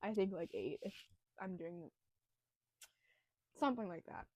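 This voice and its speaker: A woman's voice: lowish voice, lively intonation, unhurried, dark tone, no echo. Young woman host, nervous and self-deprecating, rambling casual delivery, dry close sound. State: nervous, breathing heavily. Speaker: student host explaining biology. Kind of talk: casual educational podcast.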